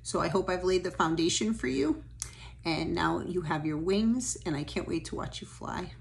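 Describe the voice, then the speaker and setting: A mother speaks in a slightly low voice. She is tender and reflective, delivering a heartfelt recorded message in a clear, plain take. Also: normal speed.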